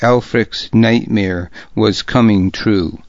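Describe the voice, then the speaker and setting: Guy reading an audiobook real slow, low-ish voice, kinda dull muffled sound. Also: fairly even intonation, no echo. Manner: measured, deliberate, gravely serious reading. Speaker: audiobook narrator. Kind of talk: scripted first-person narration of a historical novel.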